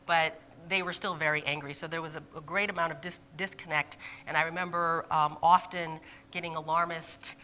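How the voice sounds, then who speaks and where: An expressive woman gives a conference talk, animated and quick to laugh. Her voice is bright and clear but sits on the low side. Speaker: conference presenter.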